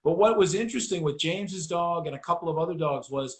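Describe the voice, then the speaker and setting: Male host, casual storyteller, swears freely, slightly high-pitched, roomy sound. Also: fast. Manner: profane, animated storyteller acting out voices. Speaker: dog trainer and host.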